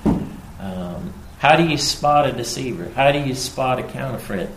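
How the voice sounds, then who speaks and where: A man preaching a sermon, slow and emphatic, repeating his key phrases. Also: medium pitch, animated, a little hiss or hum. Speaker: pastor. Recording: echoey room with faint ambience.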